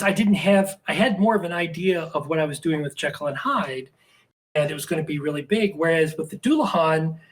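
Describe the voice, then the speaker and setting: A man's voice: a little high, breathy edge, rough recording. A man talking as a podcast guest in a casual, rambling chat with many restarts and fillers. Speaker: podcast guest, script writer.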